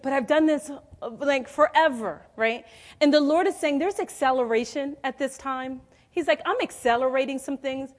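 Woman in her forties, sermon, fairly high voice, chatty storytelling, asks the congregation questions. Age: 40s. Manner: conversational storytelling with call-outs to the congregation. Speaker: preacher.

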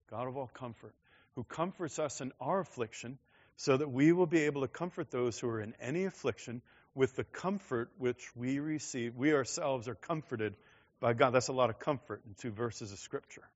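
A man's voice: medium pitch, moderate pace, muffled recording. Emphatic, conversational male pastor. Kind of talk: sermon.

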